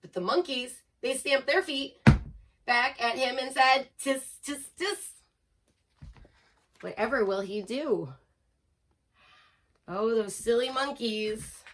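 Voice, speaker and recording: Slow expressive woman reading picture book aloud. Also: on the high side. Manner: expressive, asks listeners questions. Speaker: storyteller.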